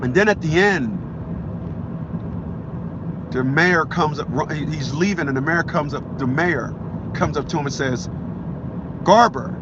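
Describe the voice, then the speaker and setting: A man's voice: on the high side, measured pace, pauses often, lo-fi sound, background noise. A man in his fifties from New Jersey, telling a story casually in a rambling way, repeating himself and acting out quotes. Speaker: vlogger.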